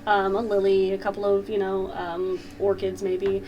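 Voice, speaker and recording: A woman's voice: medium pitch, completely flat delivery, normal speed, dull audio. A woman narrating a tabletop game as game master, giggly and full of fillers.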